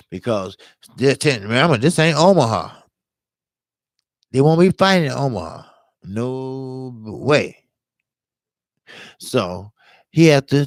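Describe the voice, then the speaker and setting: A man's voice: mid-range voice, no echo. A man hosting a casual boxing talk show, talking loosely to his live chat, rambling and jumping between topics, and breaking down fight tactics like a coach.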